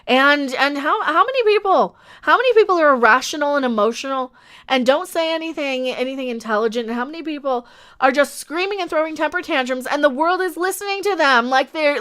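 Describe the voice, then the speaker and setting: A woman's voice: sits high, a little fast, a bit bright. A woman hosting a livestream, ranting with passion about online mobs and reading viewer comments aloud. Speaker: livestream host.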